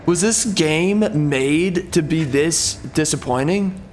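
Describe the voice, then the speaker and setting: A man's voice: fairly high pitch, slow, soft background music. A young man giving casual game commentary, complaining with frustration and stammering restarts. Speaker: gamer.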